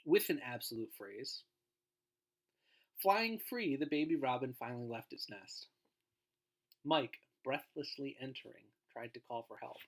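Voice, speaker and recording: A man's voice: mid-range voice, normal speed. A man giving a recorded grammar lesson as a guest teacher, explaining in an informal way and trailing off at the ends of phrases.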